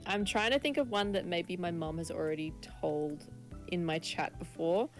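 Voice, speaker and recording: A woman chats as a guest on a stream, pausing often to think aloud and gather her thoughts. Her voice sits fairly low. Faint music plays in the background. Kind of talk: casual chat.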